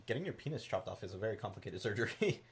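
A man's voice: on the low side, big pitch swings, rapid-fire. A man in a casual podcast chat, laid-back and blunt, swearing freely as he talks.

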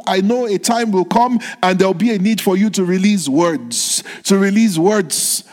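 A man's voice: sits high, pitched above the performer's own voice, natural voice. A scheming mother pleads in a raised, urgent voice, as a male preacher puts her on. She presses every point with persuasive insistence. Her words ring out through a long hall reverb.

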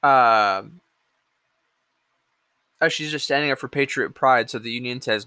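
This man's podcast is a loose political rant full of sarcasm and profanity, with hummed filler between stories. He speaks a little high at a moderate pace, his voice pushed and bright, with no echo.

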